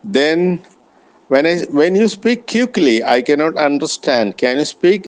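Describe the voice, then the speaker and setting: A man practicing spoken English with an AI, speaking carefully and politely with frequent pauses and restarts. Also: on the high side, expressive. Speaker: English learner.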